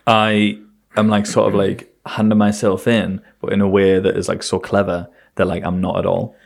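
A man's voice: sits low, level tone, normal speed, vocal fry. A young man, rambling and joking with many fillers in a casual chat.

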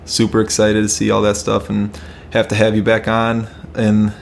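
A man hosting a casual podcast, laid-back and quick to laugh, often repeating his words. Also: fairly low pitch, completely flat delivery, vocal fry, slight background noise. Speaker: podcast host. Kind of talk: casual podcast chat and outro.

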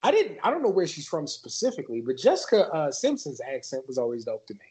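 A man's voice: fairly high pitch, wildly swooping pitch, quick pace, a little mellow, low-quality recording. Man, from Maryland, podcast guest, casual chat, laid-back, rambling. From Maryland, USA. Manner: laid-back, loose and chatty, heavy on fillers.

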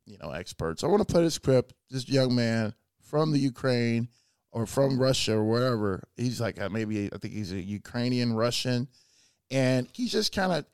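A man co-hosting a podcast in casual chat, cursing a lot, animated, often repeating words as he restarts. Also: mid-range voice, moderate pace, smooth, dry recording, studio quality. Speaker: podcast co-host.

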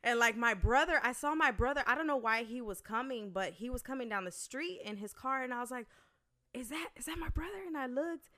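A woman's voice: on the high side, lively intonation, a little fast, hardly any pauses, pushed and bright. A young woman co-hosting a casual chat show, telling a story animatedly and swearing freely. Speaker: podcast co-host.

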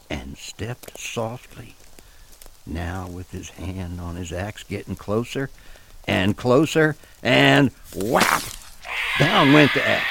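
Slow, gravelly male storyteller. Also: on the low side, slight background noise. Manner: folksy, slow and spooky storytelling. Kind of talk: scripted folk tale narration.

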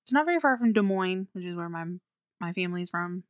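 A woman's voice: on the low side, animated, fast talker, no echo. A woman co-hosting a podcast, chatting casually and telling a true-crime story with fillers and giggles. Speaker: podcast co-host.

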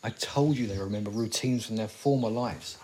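A man's voice: fairly low pitch, fairly quick, darkish tone, slight background noise, close to an everyday voice. A man in his forties acting a weary, sardonic survivor of a zombie apocalypse in an audio drama, talking in dry, rambling asides. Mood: wry. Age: 40s.

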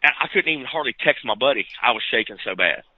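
A man co-hosting a podcast tells a story animatedly, slipping into the voices of the people in it. He is mid-pitched and casual. His voice comes through dry and narrow, like a phone line. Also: fast, dry recording. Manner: animated storyteller, acts out dialogue. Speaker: podcast co-host.

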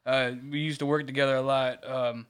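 A man's voice: mid-range voice, little pitch movement, brisk, clear, resonant tone. A man co-hosting a casual podcast chat, speaking in a blunt, profane way.

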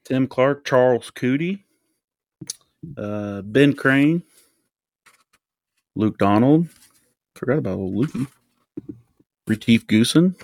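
A laid-back man chats on a golf podcast, laughing easily as he reads off a run of items. His pitch is ordinary and mid-range. The recording is close and dry. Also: lively intonation, slow, vocal fry, long pauses, darkish tone, no room sound. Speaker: podcast co-host. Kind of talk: casual chat.

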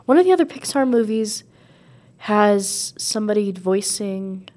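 Woman co-host, casual review chat, stuffy-nosed, rambling and quick to laugh, mid-range voice into a podcast mic. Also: medium pitch, lively intonation, darkish tone. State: stuffy nose from a cold. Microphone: podcast microphone.

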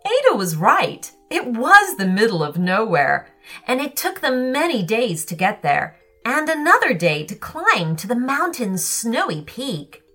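Woman, storybook narrator, slow, expressive, bright voice, soft music behind. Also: a little high.

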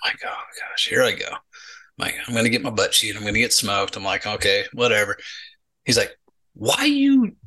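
A middle-aged man with a bright, forward voice tells his army story in a relaxed interview. He slips into the voices of the people in the story and keeps the telling lively. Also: lowish voice, fast, rough recording. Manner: animated storyteller acting out quoted dialogue, many repeated "he's like". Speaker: podcast guest, retired Army sergeant.

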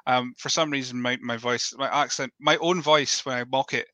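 A man's voice: mid-range voice, steady tone, moderate pace, bright, forceful tone, dry recording. A Scottish man hosting a casual podcast interview, chatty, often stammering as he starts a thought. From Elgin, Scotland. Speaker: podcast host.

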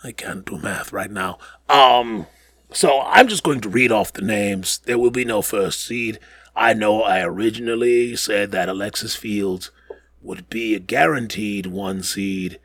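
A man's voice: fairly low pitch, unhurried, slightly rough, no echo. A man hosting a podcast in casual chat, rambling and joking while getting over the flu. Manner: animated, rambling, jokey asides. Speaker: podcast host.

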